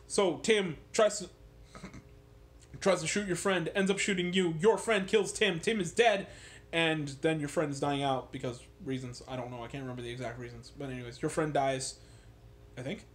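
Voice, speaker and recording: A man ranting about a video game in a casual, sarcastic way, swearing a lot and getting animated. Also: fairly high pitch, normal speed. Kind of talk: casual profane rant.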